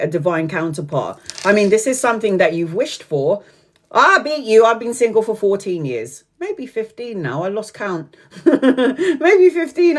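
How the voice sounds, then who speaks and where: A woman in her forties from Brazil, reading tarot on a live stream, blunt and chatty, swearing freely and laughing often. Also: mid-range voice. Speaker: tarot reader.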